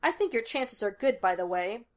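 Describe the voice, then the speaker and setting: A woman reading the lines of an excitable, teasing young male detective who talks in quick banter. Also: fairly high pitch, close to an everyday voice. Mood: excited. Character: lively wisecracking young male psychic detective.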